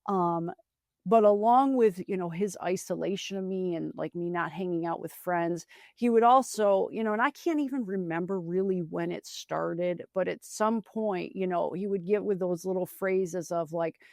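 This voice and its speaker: A young woman speaks in a lowish, gravelly voice with plenty of vocal fry. She tells her story reflectively, leaning on fillers as she goes. The sound is dry and close. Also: normal speed, a little mellow, no room sound. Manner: reflective, many fillers like "you know" and "um". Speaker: podcast guest. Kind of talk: personal storytelling in an interview.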